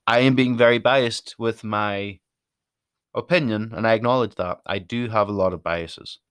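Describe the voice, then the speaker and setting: A man's voice: lowish voice, moderate pace, fairly bright tone, smooth, dry recording, studio quality. A chatty, self-deprecating Irish man rambling through his opinions in a casual monologue. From Ireland.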